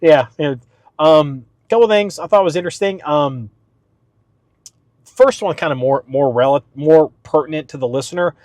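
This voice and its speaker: A man hosting his own podcast in a casual, rambling way, with frequent fillers and restarts, pitching his voice up a little for the show. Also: normal speed, a little mellow, no room sound. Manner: talks slightly up for the podcast. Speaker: podcast host. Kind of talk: casual solo podcast talk.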